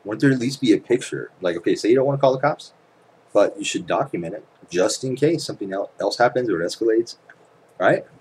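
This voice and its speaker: A man's voice: on the low side, animated, fast talker, a little mellow, a little hiss or hum, poor audio. A man talking to his viewers at home in a casual, emphatic rant, swearing often and firing off rhetorical questions. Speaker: channel host. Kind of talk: casual ranting monologue to camera.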